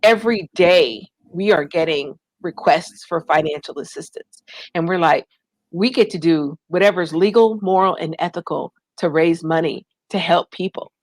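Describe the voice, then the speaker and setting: A woman with a somewhat low voice tells her story in an interview. She is animated and acts out the voices she quotes. The sound is dry and close. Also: normal speed, no room sound. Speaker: guest, nonprofit founder.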